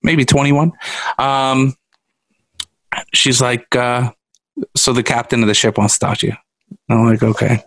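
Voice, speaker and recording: A man's voice: medium pitch, level tone, a little slow, long pauses, fairly bright tone, no echo. Middle aged guy cohosting a podcast, tells stories, laughs a lot, dry close mic. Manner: laughs often while telling a story. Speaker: podcast co-host. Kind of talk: casual chat.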